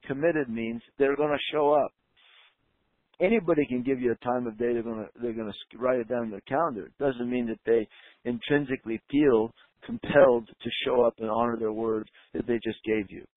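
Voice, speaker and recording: A man's voice: mid-range voice, dry recording, phone-quality sound. Emphatic male practice coach, dry sound. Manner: emphatic, slows down to stress key points. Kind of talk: training talk.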